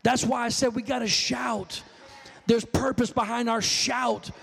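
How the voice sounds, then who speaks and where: A man preaching a fervent sermon in a church, often shouting calls to the congregation. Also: very high voice, flat delivery, a little slow, vocal fry, slightly rough. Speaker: pastor. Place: church sanctuary. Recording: long hall reverb.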